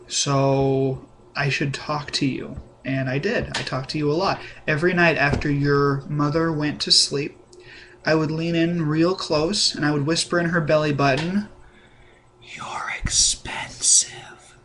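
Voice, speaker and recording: Deadpan rambling young man. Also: on the high side, a little hiss or hum. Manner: deadpan, rambling with many ums. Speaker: comedic vlogger. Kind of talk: deadpan mock-sincere video letter.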